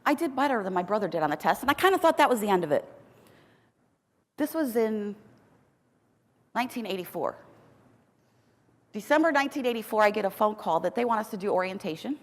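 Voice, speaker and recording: A middle-aged American woman giving a keynote speech, telling her story with a lively, humorous manner. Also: medium pitch, a little fast, pauses often. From United States. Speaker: keynote speaker. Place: large conference hall. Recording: long reverb of a large hall.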